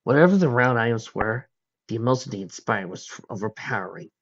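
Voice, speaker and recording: A man reads fan fiction aloud with a husky voice and a lively rise and fall in his pitch. His reading is plain, with some slips, on a dull, lo-fi recording. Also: brisk. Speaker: audiobook reader.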